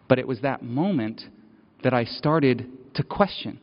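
A man's voice: mid-range voice, moderate pace. A man preaching a story-driven sermon in an easy, conversational way, leaning on repeated phrases as he builds intensity. His voice rings with a long hall reverb. The recording sounds a little dull.

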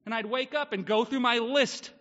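Male pastor, very high and bright voice, earnest emphatic sermon, muffled recording in a reverberant church hall. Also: normal speed. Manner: earnest, emphatic preaching with rhetorical questions.

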